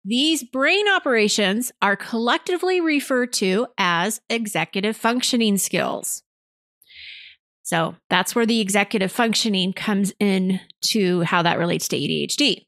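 A chatty woman hosts a podcast, upbeat and quick to laugh. She walks through her explanations step by step in a mid-range voice, relaxed and conversational. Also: medium pitch. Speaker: podcast host. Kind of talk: casual podcast chat mixed with explanation.

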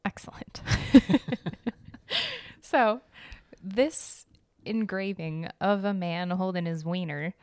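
A woman's voice: on the low side, slow, clean tone, no room sound, clean studio sound. A young woman with a Midwestern American accent, hosting a casual art history podcast with a chatty, giggly, self-deprecating manner. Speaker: podcast host.

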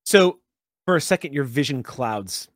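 Man, game master, descriptive narration, mid pitch, dry sound. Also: lively intonation, normal speed, no echo. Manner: descriptive, conversational narration with fillers.

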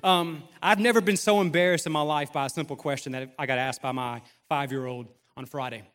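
A man in his thirties delivering a sermon with a slightly raised pitch. He preaches in an easygoing, conversational way, breaking into humor and acting out small scenes. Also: fairly even intonation, brisk, a bit bright, in a large hall. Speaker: pastor.

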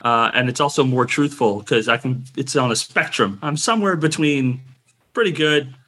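A man's voice: medium pitch, normal speed, a bit bright. A man co-hosting a podcast, enthusiastic and self-deprecating in casual conversation. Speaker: podcast co-host.

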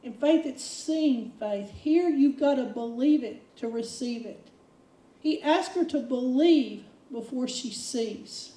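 A woman's voice: high voice, takes it slowly, dark tone. A woman preacher delivering a sermon in a conversational, emphatic way, sometimes acting out quotes. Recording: roomy echo, distant mic.

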